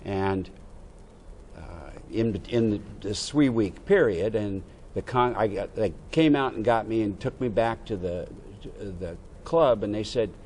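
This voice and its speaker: An older American man, a veteran, telling a lively story from his youth and acting out the dialogue. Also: on the low side, a little hiss or hum. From United States. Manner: animated anecdote-telling with quoted dialogue. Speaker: veteran interviewee. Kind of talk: oral history storytelling.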